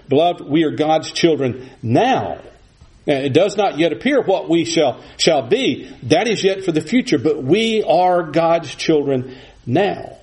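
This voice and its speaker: A man's voice: a little high, warm tone, low-quality recording. A man preaching an earnest expository sermon, often restarting his phrases as he explains a verse. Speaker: pastor.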